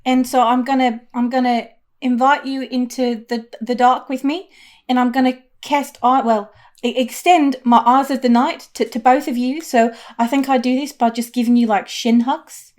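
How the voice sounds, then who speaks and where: A woman's voice: high-pitched, fairly even intonation, moderate pace, darkish tone. A woman playing her character in a tabletop role-playing game, a little hesitant with stammered starts. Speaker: player.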